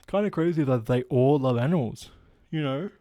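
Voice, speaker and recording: A man's voice: medium pitch, moderate pace, mellow, dry recording, clean studio sound. A man hosting a solo comedy podcast, rambling and self-deprecating with lots of fillers and a stuffy nose. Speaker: podcast host.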